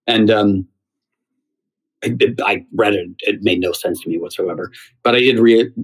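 A middle-aged man, a theater writer and former talk show host, telling a story in an interview, lively with halting restarts. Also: lowish voice, breathy edge, rough recording. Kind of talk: anecdotal interview answer.

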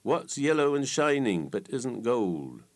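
A man's voice: mid-range voice, sing-song, slow pace, voice pushed up, full character voice. Old wise woman, stern and dismissive, clipped delivery, read by a male narrator. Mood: scornful. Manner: curt, scornful.

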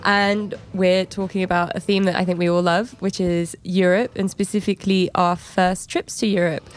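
A woman's voice: lowish voice, moderate pace. British woman hosting a travel chat. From United Kingdom. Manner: lively, laughs often. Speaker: podcast host. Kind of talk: casual chat.

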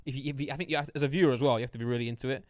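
A man co-hosting a podcast, chatting casually and joking with quick laughs. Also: mid-range voice, steady tone, no room sound, clean studio sound. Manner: fast, jokey, laughs often. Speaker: podcast co-host. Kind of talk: casual chat.

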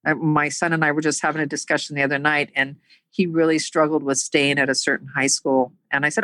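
A middle-aged woman telling her own life story in a halting, earnest way, with many pauses and fillers. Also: deep voice, flat delivery, a bit bright, no room sound, rough recording. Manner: earnest and emotional. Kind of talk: personal storytelling.

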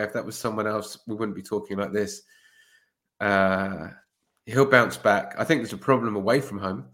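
A man, a football podcast pundit talking in calm, reassuring casual chat, with casual swearing. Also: fairly low pitch.

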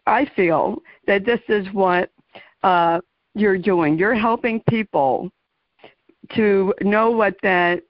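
A woman's voice: mid-range voice, slow, no room sound. A woman host with a New Jersey accent, interviewing a guest in an enthusiastic way with frequent "uh" fillers. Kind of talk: interview conversation. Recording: dry muffled lo-fi audio.

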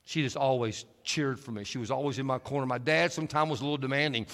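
A man preaching a sermon, telling stories and shifting from hushed, slow passages to lively, animated stretches. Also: medium pitch. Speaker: pastor. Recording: long hall reverb.

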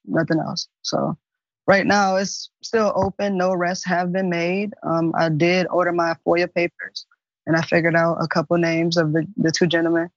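A woman answers interview questions hesitantly, filling her pauses with ums. Her delivery is flat and even. The audio is dry and muffled. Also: lowish voice, dry recording. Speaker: interview guest.

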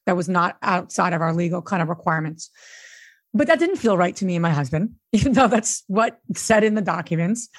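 A middle-aged woman, a real estate investor co-hosting a podcast, candidly tells a story in casual conversation, sometimes getting emotional. Her voice sits lowish and sounds animated, moving fairly quickly. The studio recording is clean, with no echo.

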